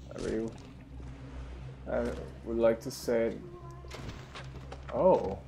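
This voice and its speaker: A man's voice: mid-range voice, slow, vocal fry, pauses often, warm tone, a little hiss or hum. Young man rambling over gameplay. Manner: enthusiastic, rambling asides. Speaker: gaming channel host. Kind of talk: let's play commentary.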